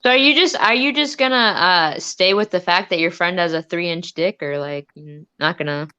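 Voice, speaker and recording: A woman's voice: lowish voice, moderate pace, pushed and bright, clean tone, dull audio. A woman making wry joking asides in a casual chat.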